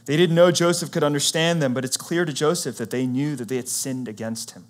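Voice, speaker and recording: A man preaching, retelling a Bible story in a conversational, animated way and acting out what the characters say. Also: on the high side, fairly quick. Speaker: pastor.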